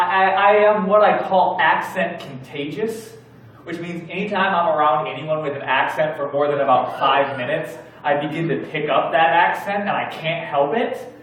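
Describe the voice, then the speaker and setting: A man preaching a sermon in a church, telling stories in a relaxed, conversational way. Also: a little high. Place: church sanctuary. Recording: very echoey church hall from far off.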